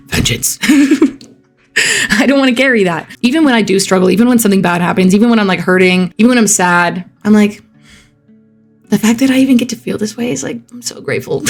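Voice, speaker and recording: A young woman talking casually and earnestly to camera, answering viewer questions with lots of "like" fillers and easy laughs, with soft music behind her. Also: medium pitch. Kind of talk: casual reflective monologue.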